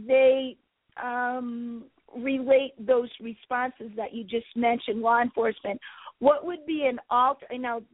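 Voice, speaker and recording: A woman hosting a radio interview, asking questions in a halting way with many fillers. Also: fairly high pitch, no echo. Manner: halting, thinks aloud with fillers. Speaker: radio show host. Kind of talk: conversational interview. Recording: tinny phone-line sound, dry.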